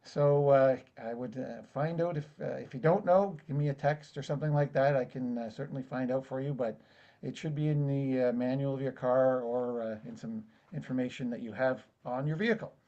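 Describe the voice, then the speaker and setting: Brief: man, small auto repair owner, relaxed networking pitch, muffled lo-fi audio. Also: a little fast. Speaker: car repair and dash camera business owner. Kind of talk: casual business networking pitch. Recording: dull lo-fi online meeting audio.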